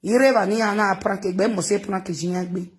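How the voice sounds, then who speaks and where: A woman's voice: mid-range voice, steady tone, normal speed. A Nigerian woman giving rambling, chatty gossip commentary into her phone, mixing in local phrases and laughing often. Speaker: social media commentator.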